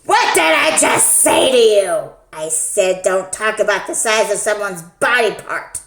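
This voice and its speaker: A woman's voice: mid-range voice, a little slow, close to an everyday voice. A wolf passes himself off as a grandmother, putting on a slightly raised old-lady voice that turns huffy and scolding, as a woman acts him out. The storybook telling rings in an echoey room. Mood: indignant. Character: male wolf posing as a touchy old grandmother.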